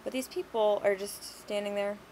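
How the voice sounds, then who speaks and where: A woman's voice: medium pitch, fairly even intonation, normal speed, dark tone, poor audio. A young woman in the middle of her usual vocal range rants to camera in a blunt, exasperated way, swearing freely as she tells her stories. Her delivery is loose and conversational, with no script behind it. A faint hiss of noise sits under the recording. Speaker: vlogger. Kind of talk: casual ranting monologue.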